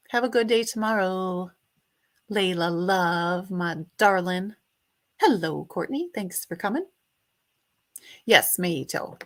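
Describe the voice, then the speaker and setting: A woman's voice: lowish voice, a bit bright. A woman hosting a casual livestream, chatting and greeting viewers by name, sometimes singing a snippet. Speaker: livestream host.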